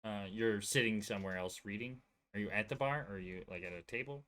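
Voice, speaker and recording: A man's voice: on the low side, fast, sharp tone. A man running a tabletop game as game master, describing scenes hesitantly, with frequent fillers and laughter.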